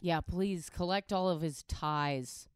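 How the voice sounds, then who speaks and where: A woman's voice: lowish voice, slow, clean tone, dry recording. A woman co-hosting a comedy podcast, teasing and mock-indignant in casual chat close to the mic. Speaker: podcast co-host.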